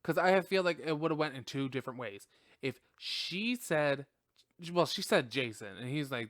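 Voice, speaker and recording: Profane, animated male podcast host. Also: on the high side, moderate pace, no echo, clean studio sound. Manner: profane, animated, laughs often. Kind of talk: casual film review chat.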